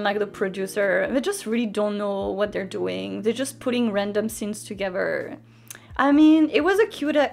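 A woman hosting a casual reaction video with a high, gravelly voice. She talks straight to her viewers in an animated, exasperated way, and her pitch swings widely. Faint music plays behind her.

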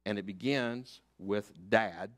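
An older man, preaching a sermon as pastor, emphatic and fiery, rising to loud declarations and dropping to hushed asides. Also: on the low side, slow pace. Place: church sanctuary.

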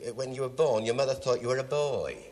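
A middle-aged man hosts a TV game show in a studio before a live audience, his mid-range voice moving fast over the crowd noise. He chats campily with contestants, trading teasing banter full of asides and giggles, and the recording has that broadcast studio sound with audience noise.

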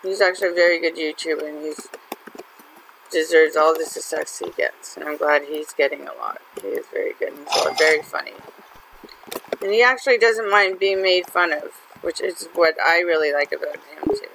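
A woman's voice: low voice, animated, moderate pace, creaky, fairly bright tone, slight background noise, poor audio. A woman hosting a gaming channel, chatting and teasing through her commentary as she plays. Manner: chatty and teasing, laughs often. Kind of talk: let's-play commentary.

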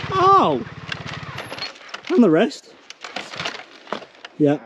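A man's voice: on the high side, animated, moderate pace, long pauses, muffled recording. A man vlogging outdoors at an off-road riding spot, joking around and cheering on riders. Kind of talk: casual banter while filming riders. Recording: noisy outdoor camera audio.

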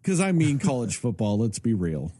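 A man's voice: mid-range voice, moderate pace, breathy edge, dry recording. A man co-hosting a podcast in casual chat, ranting and swearing a lot as he talks. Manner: profane, ranting, animated. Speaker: podcast co-host.

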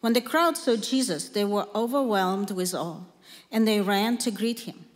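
A woman reading a scripture passage aloud in a church service, steady and narrative. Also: medium pitch, normal speed. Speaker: scripture reader. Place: church sanctuary. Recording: long church reverb.

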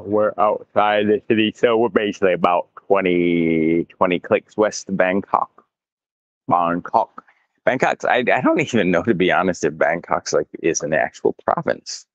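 A man's voice: low voice, no echo, dull audio. A man hosting a casual walking livestream outdoors, rambling and profane with frequent chuckles, recorded on a handheld phone. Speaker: mycology channel host. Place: outdoors in botanical gardens.

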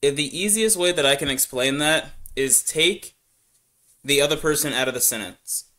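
A man's voice: fairly high pitch, moderate pace, pushed and bright. A man hosting a reaction video, chatting and joking while he explains things at length. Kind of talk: casual reaction commentary.

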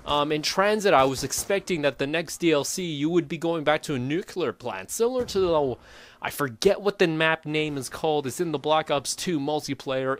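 Hyper, rambling male gaming commentator. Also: a little high. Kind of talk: unscripted game theory commentary.

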